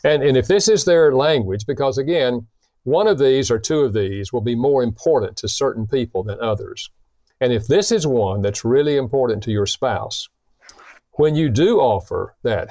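A man's voice: medium pitch, moderate pace, no echo. A man, a guest author, explaining his ideas on marriage and acting out the lines of people in his stories. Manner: animated storyteller who acts out quoted dialogue; explains with illustrations, earnest. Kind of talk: conversational teaching.

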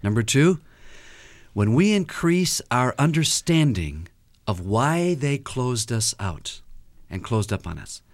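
A man's voice: medium pitch, big pitch swings, slow pace, dry recording. A man speaking as a guest counselor on a radio talk show, earnestly explaining with examples and acted-out quotes. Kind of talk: radio interview, teaching with examples.

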